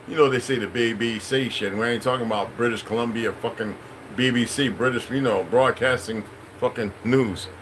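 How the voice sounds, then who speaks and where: Middle-aged male vlogger with a sharp, bright voice. Rambling, cursing monologue over faint background hum. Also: medium pitch, rough recording. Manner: rambling, profane, preachy. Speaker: channel host. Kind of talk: unscripted monologue.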